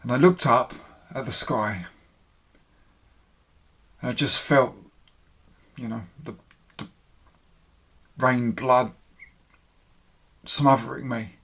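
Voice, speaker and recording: Male storyteller, mid-pitched, emotional halting delivery, pauses and restarts, candid personal account. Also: steady tone, fairly bright tone. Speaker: storyteller recounting his own experience.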